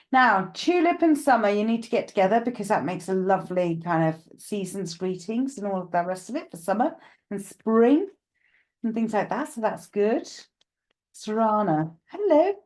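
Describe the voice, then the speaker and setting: A woman's voice: medium pitch, darkish tone. A woman with a slight cough, hosting a live psychic stream from home, chatting casually and greeting viewers by name with rambling asides.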